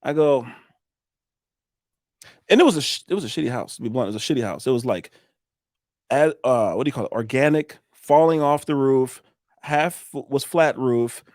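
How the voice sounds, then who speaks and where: A roofing business owner telling a blunt, animated story as a podcast guest and acting out what people said. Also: male voice, medium pitch, moderate pace, long pauses, no echo, clean studio sound. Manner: animated, acts out quotes, blunt with swearing. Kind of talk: casual storytelling.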